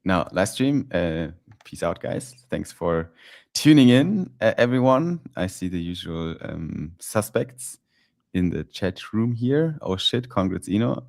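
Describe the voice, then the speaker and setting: A man hosting a live stream and podcast, relaxed and chatty, often laughing and using fillers. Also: low-pitched, measured pace, creaky, no room sound, studio quality. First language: German. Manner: laid-back, laughing, fillers. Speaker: podcast host. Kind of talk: casual live-stream chat.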